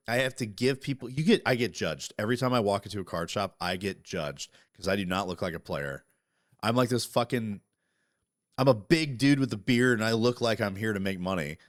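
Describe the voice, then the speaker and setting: A man chatting casually as a podcast co-host, animated and profane, talking over interruptions. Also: on the low side, dry recording, clean studio sound. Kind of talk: casual chat.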